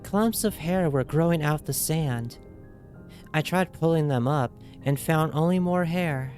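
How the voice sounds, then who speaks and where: This streamer is a woman with a low, slightly mellow voice who never rushes. She reads game text aloud in an inconsistent put-on accent, joking and giggling playfully with viewers over faint game music.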